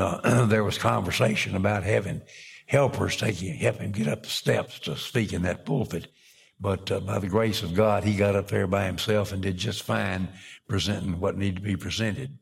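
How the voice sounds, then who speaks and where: A man's voice: lowish voice, gravelly, slightly rough. An older man preaching a sermon, reading scripture aloud and breaking off for folksy asides.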